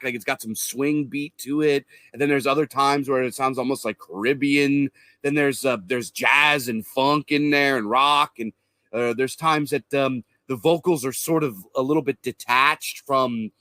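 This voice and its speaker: A man's voice: mid-range voice, fairly bright tone, no echo. A man co-hosting a podcast, casually reviewing an album with many fillers and restarts, swearing now and then. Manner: rambling, lots of restarts and fillers. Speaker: podcast co-host.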